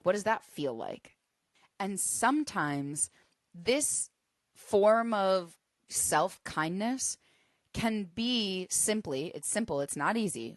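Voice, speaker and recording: A woman hosting a solo podcast, teaching in an earnest, emphatic way that builds to forceful bursts. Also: medium pitch, dry recording, studio quality. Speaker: podcast host.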